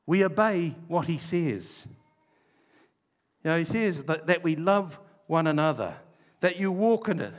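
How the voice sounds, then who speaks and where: A man preaching a sermon, stressing key words by slowing down and dropping low and quiet for asides. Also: animated.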